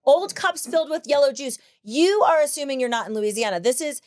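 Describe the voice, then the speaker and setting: Woman podcast host: high-pitched, blunt, swears, laughs easily, dry close sound. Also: expressive, fairly quick, no room sound. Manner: blunt, profane, laughs often. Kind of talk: casual podcast chat.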